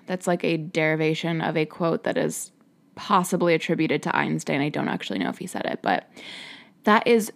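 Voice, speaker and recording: A woman's voice: on the low side, creaky. A young woman hosting a podcast, chatting casually in a sing-songy, talkative way full of "like". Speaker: podcast host.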